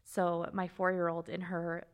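Earnest low-voiced mother telling a story. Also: completely flat delivery, clean tone. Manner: earnest, quick, emotional, halting restarts. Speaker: guest, mother of two. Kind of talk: heartfelt personal storytelling.

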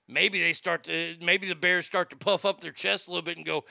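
Man, comic profane rant, stammering, very bright crisp tone, dry close sound. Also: high-pitched, steady tone, fairly quick, few pauses, no room sound. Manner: loud, stammering, mocking, jokey. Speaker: live show host reading chat.

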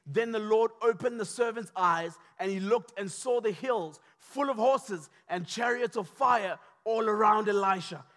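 A man preaching a sermon, passionate and repetitive, building to shouts. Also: sits high, unhurried, hardly any pauses. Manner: impassioned, repetitive, rising to shouts. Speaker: pastor.

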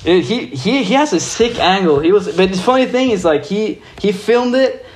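This young man from Norway, a skateboarder guest, tells an excited, laid-back story full of swearing and filler words. His voice is high-pitched and his pace normal.

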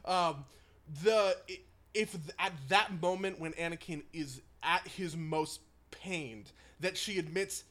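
A man with a fairly high voice talks in loose, animated conversation, building his argument point by point. He swears freely and laughs between points. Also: slow pace. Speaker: podcast co-host. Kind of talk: casual chat.

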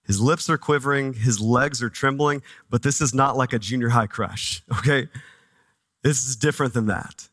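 A man preaching a sermon as pastor, conversational and animated, dropping low and soft for reverent moments. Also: moderate pace, no echo. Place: church.

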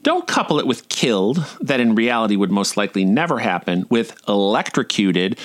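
A man's voice: on the low side, big pitch swings, moderate pace, hardly any pauses. A man in his forties reading his own humorous personal essays in a wry, irreverent, playfully profane way. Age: 40s.

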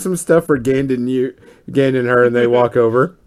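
A man running a tabletop game as game master, narrating in a lively, excitable way and often laughing. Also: mid-range voice, normal speed.

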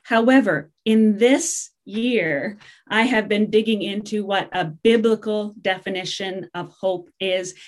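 A middle-aged woman preaches in a loose, conversational way. She jokes and slips in fillers and asides as she goes, the way a pastor sounds when talking to her own people. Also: a little high. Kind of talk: sermon.

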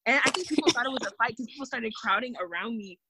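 A woman co-hosting a casual podcast, telling a rambling, animated story full of fillers. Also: on the high side, fast, a loud crowd, rough recording. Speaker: podcast co-host.

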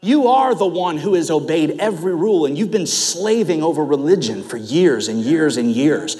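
A middle-aged male pastor preaching a sermon, telling stories in an animated way and building to loud, emphatic peaks. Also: fairly high pitch, normal speed. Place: church sanctuary. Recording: church hall reverb.

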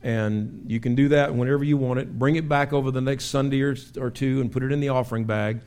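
A man preaching a sermon as pastor in a church, telling stories with lively acted-out shouts. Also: mid-range voice, quick pace, clear, resonant tone. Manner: animated storytelling with acted-out shouts. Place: church sanctuary.

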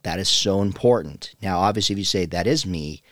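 Deep-voiced man teaching scripture. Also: brisk, a bit bright, no room sound, studio quality. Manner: earnest, conversational, with many restarts. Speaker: pastor and Bible teacher. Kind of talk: Bible teaching podcast.

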